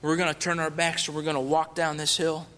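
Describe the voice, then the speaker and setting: A man voicing a calm, menacing male robber who gives stern warnings. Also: on the high side, fairly quick. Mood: threatening.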